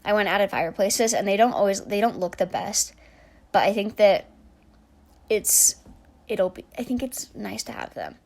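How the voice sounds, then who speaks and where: Casting: young woman, casual rambling game commentary, mid-pitched, many fillers and muttered asides. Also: lively intonation, normal speed, gravelly. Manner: chatty, rambling, many likes and restarts, trailing soft asides. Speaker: game build YouTuber.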